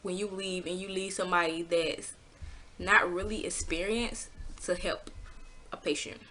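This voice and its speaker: A woman telling a personal story in a casual vlog, animated and exasperated, swearing freely and acting out what people said. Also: measured pace, a little hiss or hum. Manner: acts out quotes with pitch jumps.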